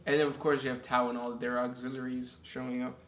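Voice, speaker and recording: A man's voice: medium pitch, little pitch movement, fast. Easygoing man reading questions, echoey room. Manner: easygoing, many "um" and "yeah" fillers. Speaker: podcast co-host reading listener questions. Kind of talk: casual chat. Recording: echoey room with faint noise.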